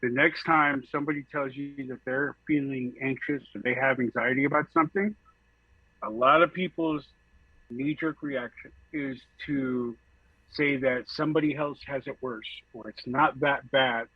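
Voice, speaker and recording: Man, podcast guest from San Francisco, husky voice, earnest, dry dull lo-fi recording. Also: medium pitch, fairly even intonation, moderate pace, dry recording. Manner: earnest, with many "like" fillers. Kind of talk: casual podcast chat.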